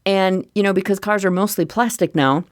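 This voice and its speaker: A middle-aged woman hosting her own podcast, talking casually and laughing, with sudden high squeals of delight. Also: brisk, no echo, clean studio sound. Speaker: podcast host. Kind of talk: casual solo podcast talk.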